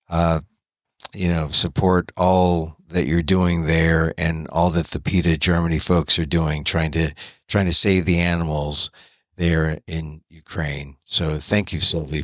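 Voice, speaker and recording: American male podcast host; low voice, gentle and reassuring, dry close sound. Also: no echo. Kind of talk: casual interview.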